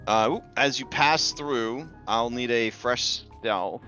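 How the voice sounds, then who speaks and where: A man's voice: medium pitch, takes it slowly, pushed and bright, faint music behind. A man game master narrating a tabletop game on stream in a chatty way, full of fillers. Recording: dull lo-fi stream audio.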